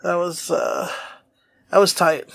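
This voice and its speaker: A man co-hosting a podcast in casual comedic chat, excitable, laughing often and swearing freely. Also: sits high, slow, creaky, no room sound. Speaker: podcast co-host.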